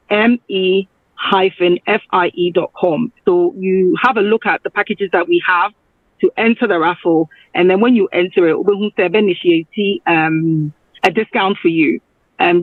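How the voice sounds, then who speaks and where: A man from Ghana, a guest on a radio show, talking in a halting, rambling way and often correcting himself. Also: sits high, no room sound. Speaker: guest promoting a travel raffle. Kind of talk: phone-in radio interview. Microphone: phone. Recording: tinny phone line.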